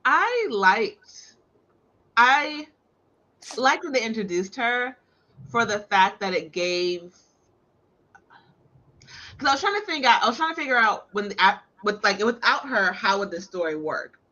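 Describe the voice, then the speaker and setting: Bright-voiced woman on a lo-fi line. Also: a little high, big pitch swings, a little slow, pauses often. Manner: thoughtful, concedes points readily. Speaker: co-host of a movie discussion. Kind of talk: casual movie discussion.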